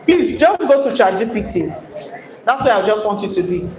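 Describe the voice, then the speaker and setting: A woman with a Nigerian accent giving a live workshop lecture, animated and coaxing her audience with repeated points. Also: mid-range voice, normal speed, crowd noise. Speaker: workshop trainer. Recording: echoey hall.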